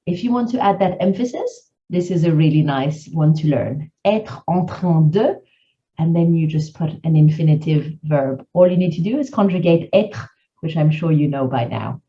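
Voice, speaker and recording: A woman teaching a grammar lesson, explaining clearly and mixing in French example phrases. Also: low voice, expressive, normal speed, mellow, muffled recording.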